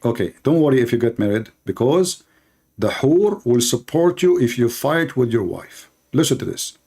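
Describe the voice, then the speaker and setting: A man's voice: medium pitch, sing-song, moderate pace, creaky, mellow, breathy edge. A man hosting a call-in debate, arguing in an emphatic, mocking way. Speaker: host.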